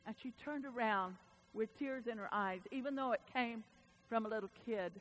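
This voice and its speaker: A woman pastor preaching a sermon in a church, animated and calling out to the congregation. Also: on the high side, normal speed, long reverb tail. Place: church sanctuary.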